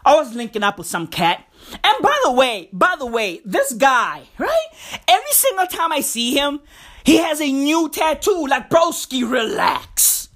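A woman from South Africa with a South African accent, delivering a hyper-energetic, slang-heavy, profane comedic rant monologue and repeating her phrases. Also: sits high, normal speed.

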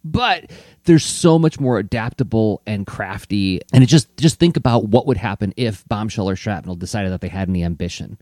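A man co-hosting a casual chat, animated, often laughing and acting out quotes. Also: lowish voice, moderate pace, no echo, clean studio sound. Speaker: podcast co-host.

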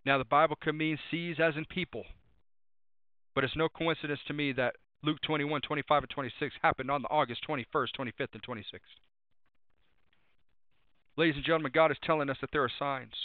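A man's voice: fairly high pitch, fairly even intonation, a little fast, pauses often, no room sound. A man preaching a sermon, speaking emphatically, repeating refrains and citing Bible verses by chapter and number. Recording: tinny phone-like dry sound.

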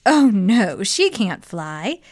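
A woman's voice: big pitch swings, slow pace, no room sound, studio quality. A woman voicing a worried mother hen who fusses over her missing egg. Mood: fretful. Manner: high, fretful clucking.

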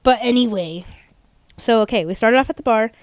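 Young woman cohost rambling through a story, lots of ums, smooth clear voice, dry close sound. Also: a little high, brisk, dry recording. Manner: chatty, rambling storyteller with frequent fillers. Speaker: podcast co-host. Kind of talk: casual chat.

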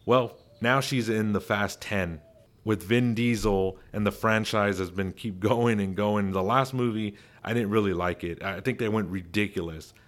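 A man's voice: fairly low pitch, normal speed. A man, a father, giving casual, chatty and emphatic commentary as the host of his own show. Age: adult father.

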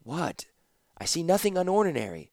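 A man's voice: on the high side, very animated, normal speed, a little mellow, no echo, clean studio sound, voice pushed up. A man voicing a tough female warrior who talks in clipped, urgent lines in an audiobook. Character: tough blunt female warrior, terse and practical. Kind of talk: audiobook character voice.

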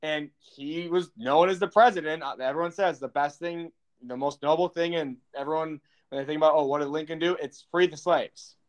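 A man's voice: a little high, brisk, few pauses. A young man co-hosting a podcast, quizzing his partner in a teasing, casual way and laughing often. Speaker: podcast co-host and quizmaster. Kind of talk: casual chat.

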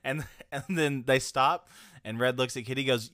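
A man's voice: mid-range voice, lively intonation, measured pace, a bit bright, dry recording, clean studio sound. A young man co-hosting a podcast in casual chat, rambling through stories and laughing often. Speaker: podcast co-host.

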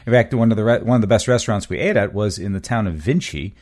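A man's voice: fairly low pitch, fast talker. A man chatting casually on a podcast panel, telling a story with lots of "uh" fillers. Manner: lively storytelling with frequent fillers. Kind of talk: casual chat.

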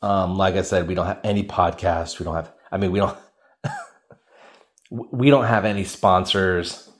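Rambling, animated young man podcasting. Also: low-pitched, measured pace. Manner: rambling, animated, self-mocking, acts out quotes. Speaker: podcast host. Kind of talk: solo comedic storytelling podcast. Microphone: cheap podcast microphone.

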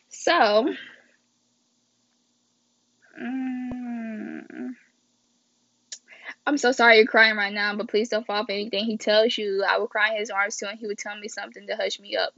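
Animated young woman telling a story. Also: on the high side, unhurried, pauses often, no room sound. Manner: animated, quotes texts in voices, swears freely. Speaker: podcast host. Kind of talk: casual storytelling. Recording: dry, dull lo-fi audio.

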